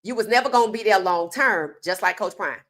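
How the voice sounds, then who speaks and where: A woman with a brisk, mid-range, slightly bright voice hosts a sports commentary monologue full of opinions. She's casual and emphatic, hitting her viewers directly with rhetorical questions.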